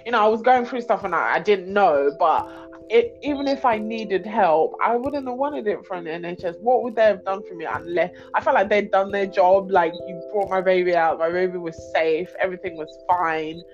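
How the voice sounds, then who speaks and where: A woman, a podcast guest telling a dramatic personal story in lively casual chat, laughing often. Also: medium pitch, moderate pace, muffled recording, faint music behind. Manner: animated storytelling, laughs often, acts out others' voices.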